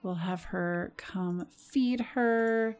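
Chatty American woman playing a game. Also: medium pitch. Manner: chatty, talks to her game characters, quick bursts of excitement. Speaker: gaming channel host. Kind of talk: casual let's-play commentary.

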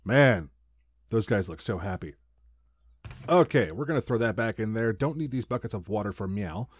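A man's voice: on the low side, lively intonation, a little fast, darkish tone, husky. A man hosting a Let's Play, chatting casually through his building and making silly sound effects. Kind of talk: casual gameplay commentary.

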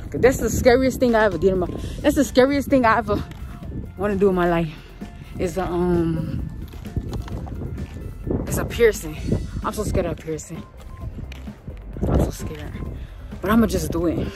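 A woman's voice: mid-range voice, normal speed, pauses often, over music. A woman in a casual vlog, talking straight to her viewers while walking outside with a phone camera. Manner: chatty, addresses viewers directly. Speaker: vlogger. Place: outdoors walking on a windy street.

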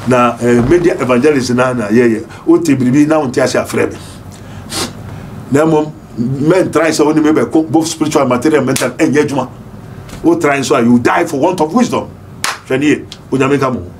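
A Ghanaian man preaching fervently, switching between prayer and warnings, sometimes rising to a shout. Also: medium pitch, brisk, slight background noise. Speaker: prophet.

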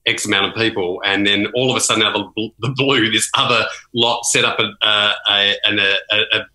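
Very bright-voiced halting male guest. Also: lowish voice, steady tone, reverberant, low-quality recording. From Australia. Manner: halting, restarts often, self-deprecating storytelling. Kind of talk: casual chat.

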